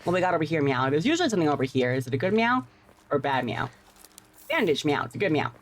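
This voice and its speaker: A woman's voice: low-pitched, big pitch swings, fast talker. Woman streamer who ends lines with "meow". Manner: playful and profane, tacks "meow" onto sentences. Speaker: game streamer. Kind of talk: live gameplay commentary.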